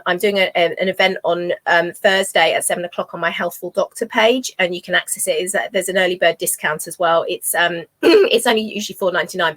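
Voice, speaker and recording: A middle-aged woman talks loosely to her viewers, full of ums and you knows. Her voice sits a little low, and the sound is dry and close with no room around it. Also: a bit bright, no room sound. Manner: chatty, rambling, many ums and you knows. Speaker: dog trainer vlogger. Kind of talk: casual talk to camera while dog walking. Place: outdoors on a walk.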